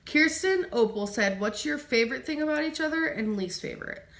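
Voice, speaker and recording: A woman with a gravelly, creaky edge to her voice, chatting casually as she reads out viewer questions. The sound is roomy, with a noticeable echo around her. She talks loosely and laughs easily. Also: high voice, expressive, brisk, a bit bright. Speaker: YouTuber answering viewer questions. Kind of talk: casual chat. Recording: echoey room.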